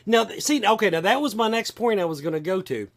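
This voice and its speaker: A man's voice: high voice, quick pace, vocal fry. A man with a Kentucky Southern accent hosting a casual podcast chat, rambling and restarting as he goes. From Kentucky, USA. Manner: animated, rambling with many restarts. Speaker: podcast host.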